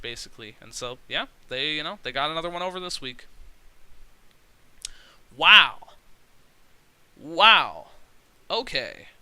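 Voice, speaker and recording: A man's voice: on the high side, bright, forceful tone, smooth, no room sound. A man giving casual, rambling commentary on a wrestling management game, chatty and full of fillers. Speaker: let's play commentator.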